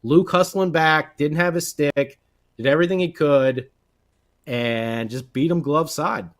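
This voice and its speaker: A man co-hosting a casual sports podcast, talking in a chatty, animated way with plenty of filler words. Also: a little high, unhurried. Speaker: podcast co-host.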